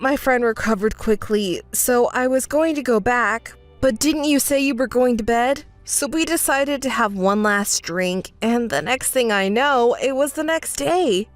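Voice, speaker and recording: A woman's voice: fairly high pitch, dry recording. A woman voicing an evasive, apologetic young husband in a text story, stammering and placating.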